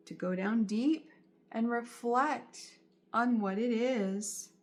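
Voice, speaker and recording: A woman's voice: fairly high pitch, slow pace, a little mellow. A woman giving a tarot reading straight to her viewers, in a soothing, reassuring way and often repeating her phrases. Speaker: tarot reader.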